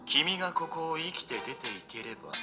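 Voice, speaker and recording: A man's voice: fairly high pitch, sing-song, racing. A man voicing a bored, cruel male mafia boss in a video game, over game music. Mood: menacing.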